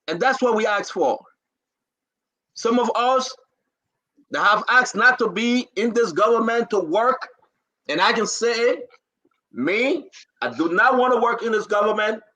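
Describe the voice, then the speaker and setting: A man's voice: very high-pitched, pushed and bright, muffled recording. A man with a Liberian English accent hosting a talk show, giving an emotional, declamatory political speech and holding back tears. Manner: emotional, declamatory, repeating phrases.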